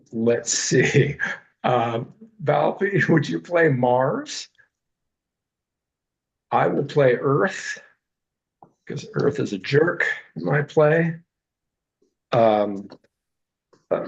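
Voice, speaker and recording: A man's voice: mid-range voice, creaky, a little mellow, highs cut off. A man, a playwright, rambling wryly while assigning roles, with many ums. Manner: rambling, wry, many fillers. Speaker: playwright casting readers. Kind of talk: casual chat on a video call.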